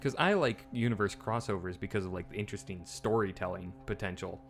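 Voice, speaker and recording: A man's voice: fairly low pitch, quick pace, faint music behind. A man co-hosting a livestream while playing a game, cracking jokes and humming as he goes. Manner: jokey, wisecracking, hums while playing. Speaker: talk show co-host playing a game. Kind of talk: casual livestream gameplay chat.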